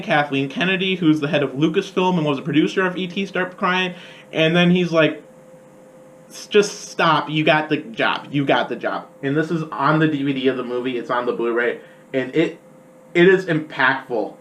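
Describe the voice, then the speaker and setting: A man's voice: on the high side, a bit bright, a little hiss or hum, poor audio. A young man hosting a college radio show, giving a casual, enthusiastic and rambling film review. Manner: enthusiastic, rambling, fond of quoting scenes.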